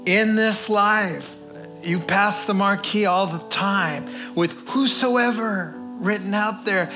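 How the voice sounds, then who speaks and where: A man's voice: high voice, fairly even intonation, slow pace, over music. A male pastor giving a sermon in a conversational, folksy way with many asides. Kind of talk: sermon with personal story.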